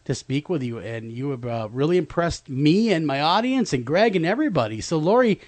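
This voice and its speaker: A man's voice: fairly high pitch, sing-song, a little fast, darkish tone, no echo. A man hosting a radio talk show, enthusiastic and effusive with his guest. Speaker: radio host.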